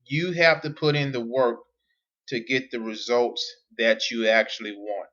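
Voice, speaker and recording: A man with a mid-range, fairly even voice coaches on online business at a whiteboard, speaking at a measured pace in a pushed, bright tone. He repeats key points emphatically and poses rhetorical questions, all recorded with lo-fi sound.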